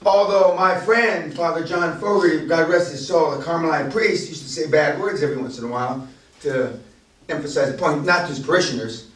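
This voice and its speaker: A man leads a profane motivational business seminar in a castle seminar room, speaking bluntly and building to loud, emphatic bursts. His voice is a little high and brisk, heard from far off in an echoey room.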